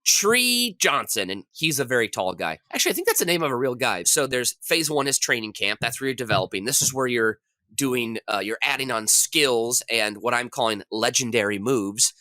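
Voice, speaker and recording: A man, a podcast contestant, pitching a game idea in casual, rambling chat. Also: animated, fairly quick, pushed and bright, no room sound.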